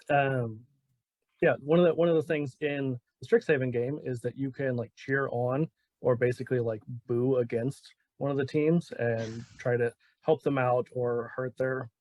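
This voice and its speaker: A man's voice: medium pitch, fairly even intonation, a little slow, darkish tone, no room sound. A man in the role of game master, narrating a tabletop game in a casual, laid-back way with plenty of fillers.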